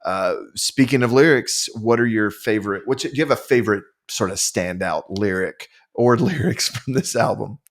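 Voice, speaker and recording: A man's voice: lowish voice, normal speed, few pauses. A man hosting a casual music podcast, talking with enthusiasm and lots of fillers. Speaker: podcast host. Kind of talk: casual chat about music.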